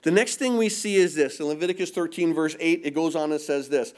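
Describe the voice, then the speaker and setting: A man's voice: on the high side, brisk. A middle-aged male pastor preaching a sermon, asking rhetorical questions and repeating words for emphasis.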